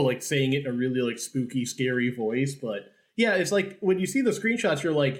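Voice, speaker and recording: A man's voice: medium pitch, moderate pace, hardly any pauses. A man co-hosting a podcast, chatting about politics with a sarcastic, profane, joking manner. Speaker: podcast co-host. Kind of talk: casual political chat.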